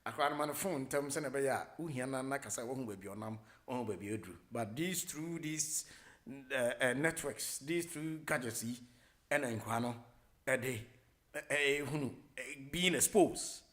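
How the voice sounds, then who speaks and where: A middle-aged man with a Ghanaian English accent talks on air as a radio host. His speech rambles and is full of hesitations, and he switches freely between English and Twi. His voice sits at an ordinary middle pitch. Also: moderate pace, a bit bright. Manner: rambling, mixes English with Twi, many fillers. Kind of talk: casual radio talk.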